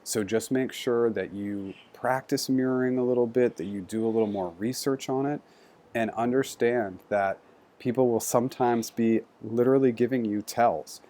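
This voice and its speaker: A man's voice: mid-range voice, moderate pace, dark tone. A man giving a structured, conversational lesson on job interview skills, walking through numbered points. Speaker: career coach. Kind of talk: instructional talk on interview skills.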